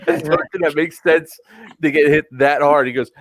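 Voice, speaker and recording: Co-host, male, high and very animated, crude joker, dry sound. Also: normal speed, dry recording. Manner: crude joking, laughs a lot. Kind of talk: casual chat.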